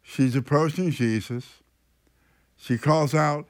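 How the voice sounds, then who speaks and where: A man, a priest hosting a radio show, teaching on scripture in an animated storytelling way and thinking aloud as he goes. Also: medium pitch, unhurried.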